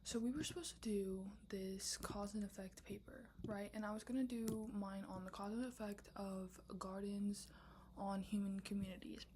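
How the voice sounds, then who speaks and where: This is a young woman's mid-range, steady voice at a moderate pace, with slight background noise. She's a student casually chatting late at night about a film script she wants to make, whispering often, leaning on filler words, and occasionally erupting into loud asides.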